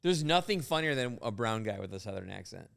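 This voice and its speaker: A man's voice: on the low side, big pitch swings, a little fast, gravelly, a bit bright, slight background noise. A man hosting a comedy podcast, joking crudely and laughing a lot in casual chat. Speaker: podcast host.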